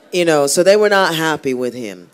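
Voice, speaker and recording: A woman singer, a guest on an interview show, talking casually and telling a rambling story with many restarts. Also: sits low. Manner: chatty, rambling storyteller who restarts often.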